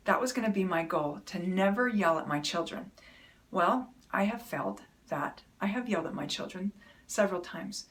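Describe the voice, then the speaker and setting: A woman's voice: medium pitch, animated, moderate pace, a bit bright. A middle-aged woman speaking earnestly to camera, giving encouraging, plain-spoken self-help advice. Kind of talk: motivational talk to camera.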